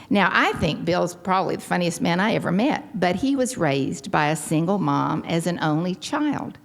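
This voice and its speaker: An older Texan woman with a Texan accent gives a personal testimony at a recovery meeting in a large hall. Her lowish, creaky voice moves at a moderate pace with hardly any pauses. She's an animated storyteller who acts out the quotes in her story.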